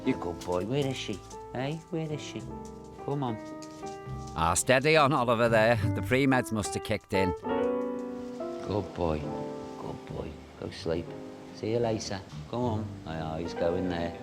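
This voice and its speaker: Older male presenter, camp and cheeky, animated delivery, music bed. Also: lowish voice, normal speed. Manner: camp, joking asides, cooing at dogs. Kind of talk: documentary narration and chat.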